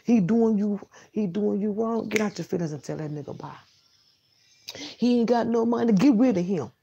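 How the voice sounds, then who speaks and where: A woman's voice: mid-range voice, moderate pace, vocal fry, dark tone, muffled recording, a little hiss or hum. A woman, bluntly lecturing her viewers in a motivational rant and repeating lines for emphasis. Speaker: vlogger.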